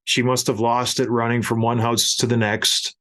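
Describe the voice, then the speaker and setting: Middle-aged male podcast host, casual and animated storyteller, mid-pitched voice. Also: moderate pace.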